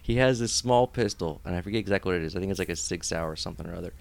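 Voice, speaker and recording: A young adult man co-hosting a podcast, telling stories in animated, joking bursts with laughs. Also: sits low, very fast, creaky. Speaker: podcast co-host. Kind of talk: casual chat.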